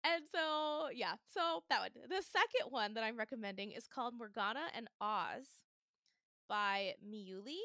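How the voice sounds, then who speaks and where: A young adult woman hosting a casual fandom podcast, animated and laughing often as she acts out her reactions. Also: a little high, no room sound, clean studio sound. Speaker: podcast host. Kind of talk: casual chat.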